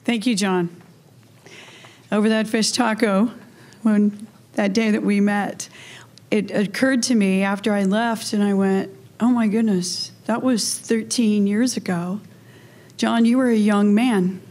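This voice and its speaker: A woman's voice: mid-range voice, fairly even intonation, unhurried, darkish tone. A woman hosting a memorial ceremony, telling a personal story in an earnest, heartfelt way.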